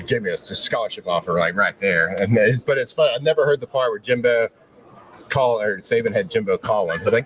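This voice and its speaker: A man's voice: fairly low pitch, fairly quick, a bit bright, distant mic, poor audio. A man in his forties from Texas, a former quarterback guest chatting in a laid-back, joking, rambling way at a radio row event. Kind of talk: casual interview chat.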